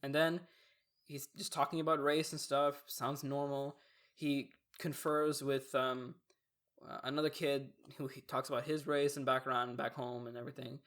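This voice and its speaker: A man's voice: mid-range voice, level tone, moderate pace, a bit bright. A young man co-hosting a podcast, telling a story in a rambling, casual way with lots of fillers and restarts. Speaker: podcast co-host. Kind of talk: casual chat.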